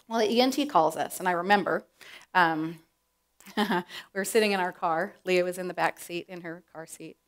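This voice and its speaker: A middle-aged woman telling a personal story to an audience, animated and acting out the voices she quotes. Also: medium pitch. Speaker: presenter.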